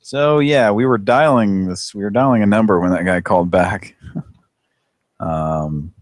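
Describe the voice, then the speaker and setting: A man's voice: on the low side, unhurried, no room sound. A man hosting a live prank-call show, chatting loosely, laughing often and swearing. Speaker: radio show host. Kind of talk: casual live show banter.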